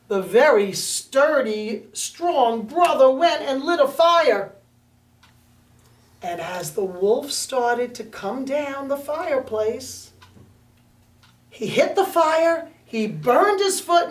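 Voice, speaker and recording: A woman telling a fairy tale to children in an animated, expressive way, recorded in a roomy space from a distant mic. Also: sits high. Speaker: storyteller. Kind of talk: children's storytelling.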